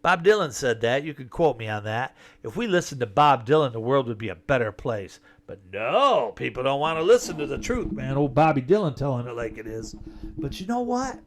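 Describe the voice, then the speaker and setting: A man's voice: mid-range voice, sing-song, brisk. Emphatic man ranting about politics. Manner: emphatic, rambling, sarcastic asides. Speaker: political commentator.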